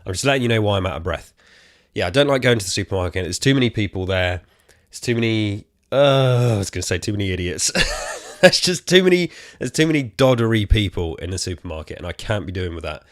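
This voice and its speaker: A British man in his thirties hosting a casual solo gaming podcast from a quiet room at home, rambling and slightly out of breath. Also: lowish voice, very animated, fast, hardly any pauses, no room sound, studio quality. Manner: rambling, chatty, self-correcting asides. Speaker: podcast host.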